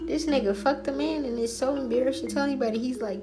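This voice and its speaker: A woman's voice: high-pitched, fast, gravelly, few pauses, over music. A woman hosting a spiritual podcast alone, ranting in a brash, profane, trash-talking way. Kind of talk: casual solo podcast rant.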